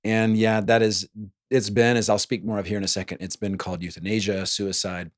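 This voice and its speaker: A man's voice: on the low side, level tone, fairly quick, dry recording. Playful man hosting a podcast, dry close sound. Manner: playful, jokey asides. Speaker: podcast host. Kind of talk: solo podcast monologue.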